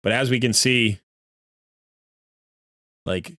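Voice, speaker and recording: A man's voice: medium pitch, slow pace, sharp tone, dry recording, studio quality. A man giving chatty, rambling live-stream commentary as he looks through a viewer's game account, often correcting himself.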